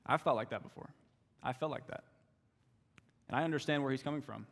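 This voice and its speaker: A man's voice: medium pitch, a little fast, gravelly. Young man preaching in an echoing hall. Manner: repetitive, emphatic, drops to soft asides. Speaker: youth ministry intern preaching. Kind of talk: sermon. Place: church sanctuary. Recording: long church hall reverb.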